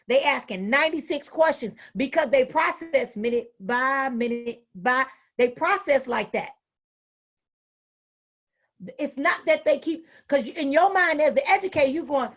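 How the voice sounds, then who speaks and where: A woman in her fifties, a retired school administrator, giving an animated, folksy talk to educators. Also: high-pitched, normal speed, hardly any pauses. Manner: animated, folksy, acts out quoted voices. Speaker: educational speaker. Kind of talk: motivational talk.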